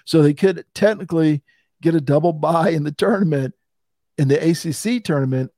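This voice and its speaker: A man hosting a casual sports talk podcast, chatty and quick to laugh. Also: fairly high pitch, warm tone, dry recording, studio quality. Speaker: podcast host.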